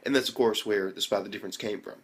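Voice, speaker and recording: A young man recapping an anime episode in casual slang, excitable and full of swearing and fillers. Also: fairly low pitch, fast talker. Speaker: anime reviewer.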